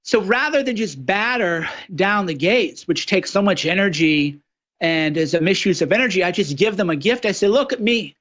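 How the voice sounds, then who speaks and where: A man's voice: sits high, animated, normal speed, a bit bright, lo-fi sound. A man guest-hosting a political talk show, delivering a mocking monologue that slips into sneering impressions of his opponents. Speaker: radio show guest host.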